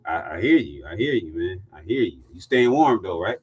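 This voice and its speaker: A man with a very low voice interviews a guest in an easy, friendly way. He tends to repeat his affirmations, "I got you, I got you", before he moves on to the next question. His manner is casual and unhurried. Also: lively intonation, darkish tone, slightly rough.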